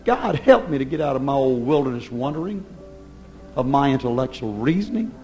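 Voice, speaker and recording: A man preaching a sermon, swinging from loud declaiming to low, intense pleading. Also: sing-song, a little fast, faint music behind.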